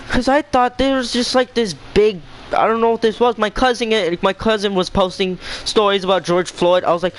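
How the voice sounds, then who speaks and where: A man's voice: high voice, fairly bright tone, a little hiss or hum, poor audio. A young man venting in a heated, swearing rant as a vlogger, repeating himself as he talks. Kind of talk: angry rant to camera.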